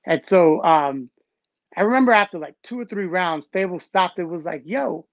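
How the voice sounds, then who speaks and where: A man guest recounting old stories in a casual, animated way, acting out what others said. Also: sits high, normal speed, no echo. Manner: animated, acts out quotes from others. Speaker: interview guest, b-boy. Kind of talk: casual storytelling. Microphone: phone or call audio. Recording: dull, dry call audio.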